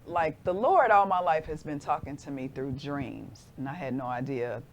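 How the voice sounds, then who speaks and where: A woman in her forties, a guest in an interview, telling a personal story with lively acted-out voices. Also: deep voice, a little fast, slight background noise.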